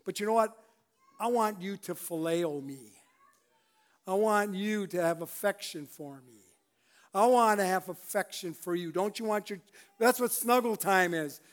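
A man's voice: high-pitched, unhurried. A male pastor giving a conversational sermon, often chuckling and restarting his sentences.

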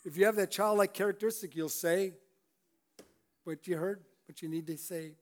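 High-voiced chuckling pastor preaching. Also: male voice, moderate pace. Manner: conversational, chuckles often, rambling restarts. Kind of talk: sermon.

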